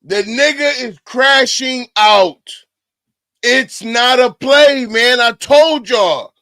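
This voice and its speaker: A man hosting a livestream, loud and excitable, often shouting as he talks to his chat. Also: very high-pitched, slow, no room sound. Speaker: livestream host. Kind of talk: reacting to a clip for chat.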